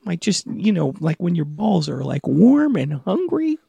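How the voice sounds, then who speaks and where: A man co-hosting a podcast, telling a long comic story in a halting, rambling way that keeps circling back on itself. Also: sits high, big pitch swings, creaky, dark tone, slightly rough, no echo. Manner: rambling, halting, self-interrupting. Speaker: podcast co-host. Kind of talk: casual comedic storytelling.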